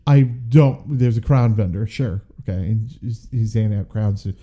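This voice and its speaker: A man's voice: fairly low pitch, normal speed. Laid-back man recapping a movie. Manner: animated, jokey, mimics people in quotes. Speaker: podcast co-host. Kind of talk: casual movie recap chat.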